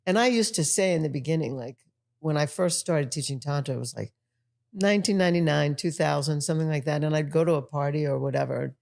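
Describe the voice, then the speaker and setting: A woman's voice: low-pitched, fast, creaky. A woman in her sixties, a tantra teacher, telling stories effusively in a podcast conversation. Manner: effusive, animated storyteller.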